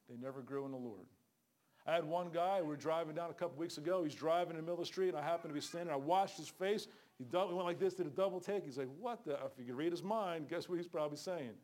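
A man's voice: on the high side, darkish tone. A middle-aged man preaching a fervent sermon, calling for amens and acting out the people in his stories. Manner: fervent, calls for amens, acts out quoted people. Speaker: street preacher.

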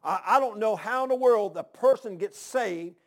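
A man's voice: high-pitched, moderate pace. A man preaching a folksy, storytelling sermon, repeating his phrases. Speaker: pastor.

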